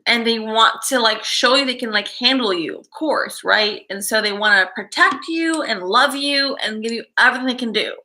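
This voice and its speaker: A woman's voice: on the high side, moderate pace, hardly any pauses, bright, forceful tone, rough recording. A woman vlogging casually to the camera, rambling and conversational, often tagging on "you know" and "okay?" and calling her viewers "guys". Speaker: astrology vlogger.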